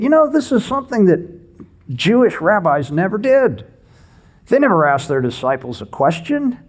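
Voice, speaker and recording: Husky-voiced man preaching conversationally. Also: high-pitched. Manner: animated, conversational teaching with rhetorical questions. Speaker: pastor. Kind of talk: expository sermon. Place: church.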